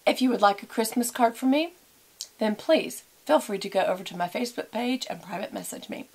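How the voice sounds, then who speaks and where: A woman's voice: fairly high pitch, animated, fairly quick, darkish tone, husky. Chatty woman vlogging makeup. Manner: chatty, rambling, talks while applying makeup and eating. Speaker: beauty and lifestyle vlogger. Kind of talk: casual makeup and chat vlog.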